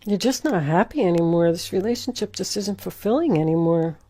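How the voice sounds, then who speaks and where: A woman's voice: fairly low pitch, animated, brisk, warm tone. A woman giving a casual tarot reading straight to the viewer, emphatic and repetitive as she talks. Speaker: tarot reader.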